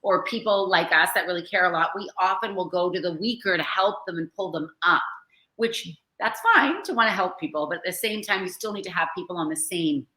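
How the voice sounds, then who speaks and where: A woman hosts a casual interview with a lower but bright voice. She talks earnestly and encouragingly. The recording carries a noticeable room echo. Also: fairly quick. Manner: earnest, encouraging, agrees warmly. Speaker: podcast host.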